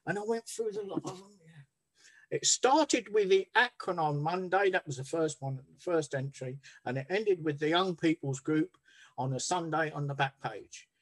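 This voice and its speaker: Man, candid storytelling, blunt and profane, rambling with restarts, slightly high-pitched. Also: normal speed. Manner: rambling, blunt, swears freely, many restarts. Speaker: recovery speaker sharing his story.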